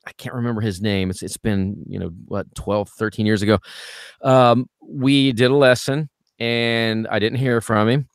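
A man's voice: fairly low pitch, clean tone, no echo, studio quality. A middle-aged man, a vocal coach co-hosting a podcast, telling stories in a rambling, casual way and often stumbling over repeated words. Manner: rambling storyteller, repeats words when starting sentences.

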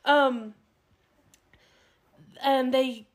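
A woman's voice: sits high, very slow. A woman co-hosting a podcast, casually recapping a TV show and acting out the quotes. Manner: animated storytelling, acts out quotes. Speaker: podcast co-host.

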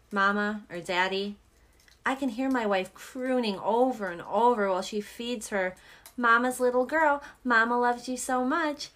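A woman's voice: mid-range voice, fairly bright tone. A woman co-hosting a podcast, reading a short horror story aloud with enthusiasm. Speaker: podcast co-host.

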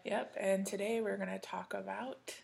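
Gravelly-voiced woman podcast host. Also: mid-range voice, steady tone, normal speed, a crowd in the background. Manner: rambling, chatty, with fillers and soft asides. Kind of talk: casual chat.

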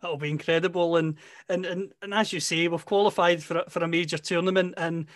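A male interviewer asking a guest questions, halting and repeating words as he gets going. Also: a little high, fairly even intonation, no echo, studio quality. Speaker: interviewer host.

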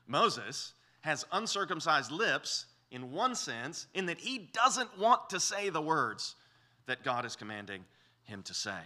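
A man preaching an expository sermon through a Bible passage, animated and acting out quoted speech. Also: on the high side, unhurried. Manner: animated, voices quoted speech with rising intensity. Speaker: pastor.

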